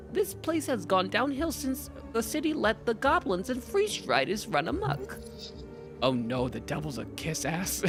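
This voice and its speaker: Streamer doing a tiny red devil, sarcastic, lawyerly, lively pitch, faint music behind. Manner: smug, mocking, lawyerly.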